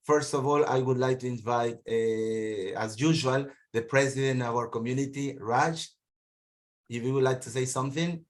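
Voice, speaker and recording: A man's voice: mid-range voice, moderate pace. A man from northern Peru with a Peruvian accent, a teacher hosting an online meeting over a video call, friendly and rambling, often repeating words. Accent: Peruvian (Piura). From Piura, northern Peru. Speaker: meeting host and university teacher.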